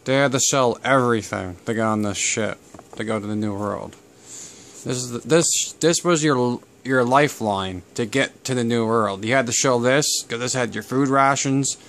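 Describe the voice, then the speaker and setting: A man's voice: mid-range voice, moderate pace, fairly bright tone. A man, from Canada, talking casually to camera about family history in a rambling, digressive way. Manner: rambling and digressive, with many fillers. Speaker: channel host.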